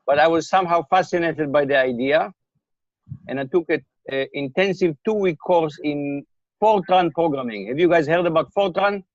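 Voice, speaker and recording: A man's voice: fairly high pitch, normal speed, no echo. An older man giving thoughtful interview answers, often repeating words and checking in with "okay?" and "right?". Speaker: interviewee, computer scientist. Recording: dull, dry remote call audio.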